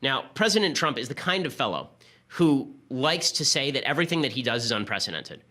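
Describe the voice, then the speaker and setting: A man hosting a political commentary show, talking in a rapid, sarcastic, argumentative way. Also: medium pitch, lively intonation, sharp tone. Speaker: host.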